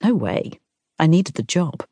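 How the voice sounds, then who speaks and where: A woman voicing a warm young woman who speaks brightly, teasing and reassuring. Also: sits low, big pitch swings, measured pace, husky, no room sound, heavily acted. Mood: playful.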